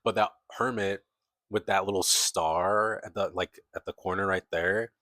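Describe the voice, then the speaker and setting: A man's voice: low-pitched, fairly even intonation, a little slow, sharp tone, dry recording. A man giving a casual, chatty tarot reading, laughing often and acting out the voices of the people he describes. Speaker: tarot reader.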